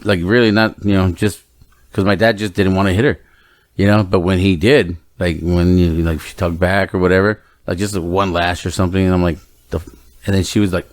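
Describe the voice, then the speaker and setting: Male podcast co-host, thirties, deeper voice, dry sound, laid-back rambler who laughs a lot. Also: level tone, a little fast, no room sound. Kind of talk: casual chat.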